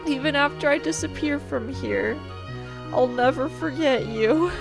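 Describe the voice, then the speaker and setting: Excitable high-voiced woman reacting to a game. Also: unhurried, creaky, over music. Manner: reads dialogue aloud, emotional and excitable. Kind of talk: casual let's-play reactions.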